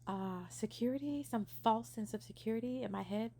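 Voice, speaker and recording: A young woman casually telling a personal story, animated, acting out what people said and using many fillers. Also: on the high side, fairly quick.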